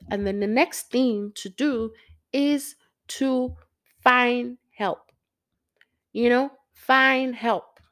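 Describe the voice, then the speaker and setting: Young woman, casual faith talk to her listeners, middle pitch, rambling and self-correcting, sometimes near-whispering. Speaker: Christian speaker.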